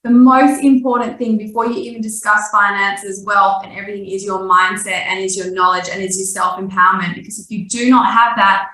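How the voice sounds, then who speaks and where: A woman's voice: mid-range voice, fairly even intonation, fairly quick, few pauses, bright, forceful tone, reverberant, recorded from a distance, low-quality recording. A woman co-hosting a webinar, upbeat and keeping things moving. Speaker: webinar co-host.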